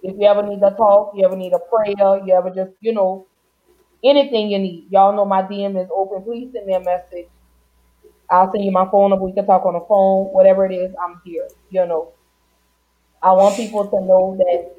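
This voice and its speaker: A woman from Louisiana hosting a podcast in casual chat, playful and warm-hearted, singing out her greetings. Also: medium pitch, little pitch movement, fairly quick. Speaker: podcast host. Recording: dull lo-fi sound.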